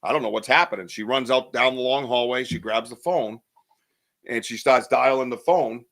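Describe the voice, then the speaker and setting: A male podcast host in his fifties tells a personal story casually and vividly, acting out what people said. He has a medium-pitched, fairly bright voice and a moderate pace.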